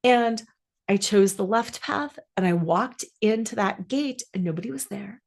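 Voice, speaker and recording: A woman's voice: medium pitch, animated, a little slow, gravelly. A woman life coach and podcast host telling a personal story in an earnest, musing way, stretching some phrases.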